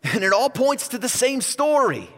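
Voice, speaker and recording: A man preaching a sermon as pastor, in a conversational, animated way with casual asides. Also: very high voice, normal speed. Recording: long reverb from a large hall.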